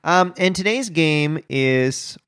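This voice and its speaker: A man's voice: fairly high pitch, animated, slow, fairly bright tone, smooth, no room sound, studio quality. A man co-hosting a comedy podcast, rambling with fillers as he improvises a story. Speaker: podcast co-host.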